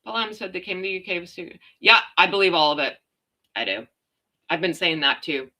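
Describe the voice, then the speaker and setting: Woman host, casual sarcastic rant, bright forceful tone, gossip stream. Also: lowish voice, fairly quick. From Canada. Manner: sarcastic, ranting, animated. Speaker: royal gossip livestream host. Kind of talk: casual chat reading viewer comments.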